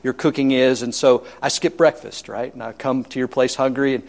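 A man's voice: medium pitch, steady tone, a little fast, gravelly. A man preaching a sermon as pastor, emphatic and repetitive, telling homely stories with humor.

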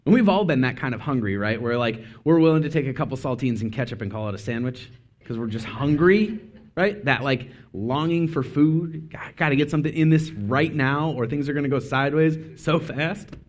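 A man preaching a casual, conversational sermon, full of asides and quick self-corrections. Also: medium pitch. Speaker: speaker.

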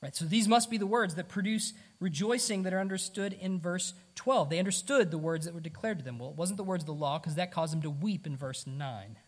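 Speaking high-pitched and fairly quickly with hardly any pauses, a man delivers an earnest, conversational sermon as pastor to his congregation. He poses rhetorical questions, repeats words, and makes casual asides.

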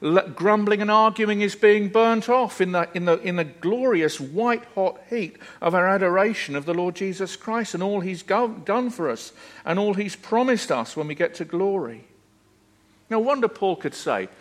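A man's voice: sits high, expressive, normal speed. A preacher delivers a sermon with earnest emphasis. His voice sits a touch above most men's, and he swells and then drops his intensity to drive each point home. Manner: earnest and emphatic, with rising and falling intensity and repeated phrases.

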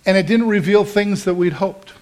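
A middle-aged man preaching from the pulpit, with a voice that sits a little high for a man. He tells his sermon as a personal story and slips into the voices of the people he quotes. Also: moderate pace, a little mellow. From American Midwest. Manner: storytelling, acts out quoted dialogue, conversational. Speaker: pastor.

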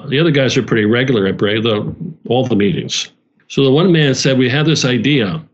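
Earnest church leader, lo-fi sound. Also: male voice, medium pitch, lively intonation, a little fast. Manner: earnest, many restarts and repeated phrases. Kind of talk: casual conversation.

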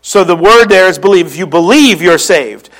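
A man with a Philadelphia accent delivers a sermon in a notably high voice. He teaches earnestly, reading scripture aloud and explaining what each verse means for his congregation. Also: animated, moderate pace, a bit bright. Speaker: pastor.

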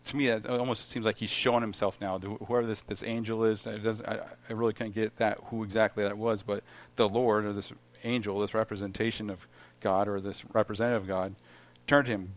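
Halting middle-aged man teaching scripture. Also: on the low side, level tone, no room sound. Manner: halting, many restarts and fillers; reads scripture aloud then comments conversationally. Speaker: lay preacher at a Bible study. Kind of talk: informal Bible teaching.

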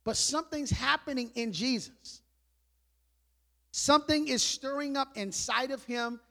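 A high-pitched man preaching to a church, talking like a conversation. He fires off rhetorical questions, then drops his voice low and soft to stress a point. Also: measured pace, creaky. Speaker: pastor. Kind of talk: sermon.

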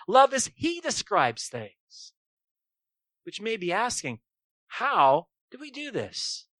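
High-voiced emphatic preacher man. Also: wildly swooping pitch, takes it slowly, fairly bright tone, no room sound. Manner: emphatic, asks rhetorical questions. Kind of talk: sermon.

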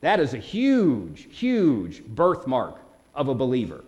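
A man preaching a sermon as pastor, animated, with dramatic quoted outbursts. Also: medium pitch, slow, lo-fi sound.

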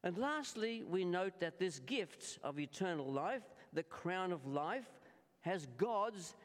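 An Australian man delivers a sermon at an unhurried, measured pace. His pitch rises and falls in an animated way as he leans on key words and calls out to the congregation. A long reverb hangs on his voice, as in a reverberant church hall. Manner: slow and deliberate, stressing key words and repeatedly addressing the congregation. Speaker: preacher.

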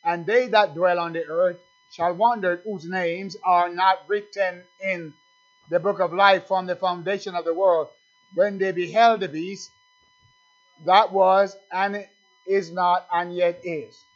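A man's voice: sits high, steady tone, measured pace, dull audio. A man preaching a sermon in call-and-response style, acting out little dialogues with the congregation.

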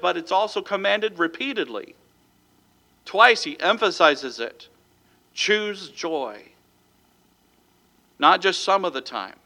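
A man's voice: fairly high pitch, sharp tone. A man preaching a sermon as pastor, reading scripture and calling out "amen?" to the congregation. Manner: reads scripture aloud and breaks it into numbered points.

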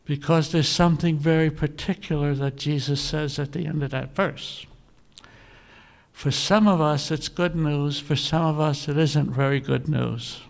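A male preacher giving a sermon, telling a scripture story earnestly and often clearing his throat. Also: a little high, a little slow. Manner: earnest storytelling, animated when quoting scripture.

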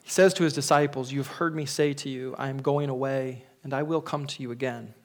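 A man's voice: medium pitch, steady tone, a little fast. A man giving a funeral sermon as pastor, earnest and searching, often restarting his words and sometimes dropping to a whisper.

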